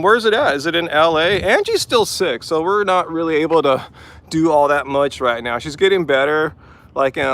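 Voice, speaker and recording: Sitting in a vehicle after a run, this live-stream host answers chat questions in a fairly high, fairly bright male voice. His manner is relaxed and talkative, and "like" and "um" come up constantly.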